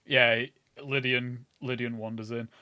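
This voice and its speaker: A man's voice: mid-range voice, little pitch movement, a little slow, bright, forceful tone, clear, resonant tone, dry recording, studio quality. Persuasive male tabletop player. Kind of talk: playing a character in a tabletop game.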